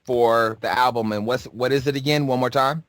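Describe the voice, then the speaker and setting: A man's voice: mid-range voice, fairly even intonation, normal speed, fairly bright tone. A man hosting a casual podcast from home, joking loosely with his co-host. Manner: joking, loose, chewing food. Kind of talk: casual chat.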